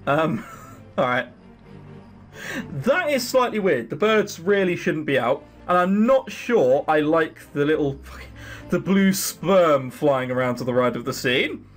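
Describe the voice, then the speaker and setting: Let's play host, man, sarcastic jokes, very lively pitch, faint music underneath. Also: slow. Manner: joking, sarcastic asides. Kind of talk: game commentary.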